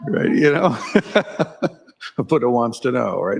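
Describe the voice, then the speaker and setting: Slow, gravelly male dharma teacher. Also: medium pitch, sing-song. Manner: conversational, wry, asks the audience questions. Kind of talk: dharma talk. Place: temple hall.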